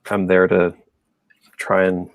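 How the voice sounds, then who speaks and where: A man's voice: deep voice, monotone, slow pace, creaky, rough recording. A man chatting casually while he draws on a live stream, rambling and self-deprecating. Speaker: artist on a live drawing stream. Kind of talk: casual chat while drawing.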